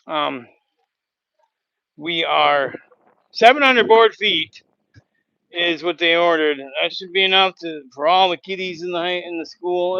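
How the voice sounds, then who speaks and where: A sawmill worker hosts a casual livestream outdoors at a sawmill, telling a rambling joke punctuated by goofy sound effects. His voice is high-pitched and sharp, with no echo but dull audio.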